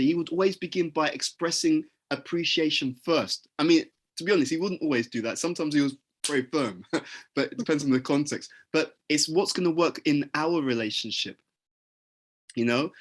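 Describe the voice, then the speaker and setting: A man giving a conversational talk on leadership, often restarting his sentences and acting out example conversations. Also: a little high. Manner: acts out example dialogues, frequent restarts. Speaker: leadership teacher.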